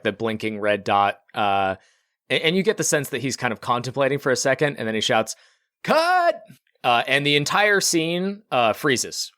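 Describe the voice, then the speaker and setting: Dry-sounding relaxed game master. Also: male voice, medium pitch, clean tone, no room sound. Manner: relaxed, supportive, hesitant fillers. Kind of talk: narrating a tabletop game.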